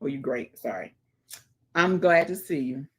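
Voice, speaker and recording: A woman's voice: low-pitched, expressive, measured pace, a bit bright, husky. A woman hosting a casual livestream, greeting viewers by name and chatting as she reads the comments. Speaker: livestream host.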